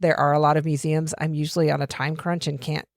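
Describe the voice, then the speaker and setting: A woman co-hosting a podcast in casual chat, giggly and quick to jump between tangents. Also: low-pitched, flat delivery, vocal fry, dry recording, clean studio sound. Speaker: podcast co-host.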